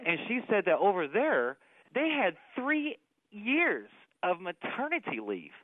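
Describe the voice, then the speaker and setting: A man's voice: sits high, wildly swooping pitch, unhurried, no echo. A man in his thirties calling in to a radio show, talking in a rambling way full of fillers and restarts. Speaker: caller. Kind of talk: rambling phone-in call. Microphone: telephone. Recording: tinny phone line, dry.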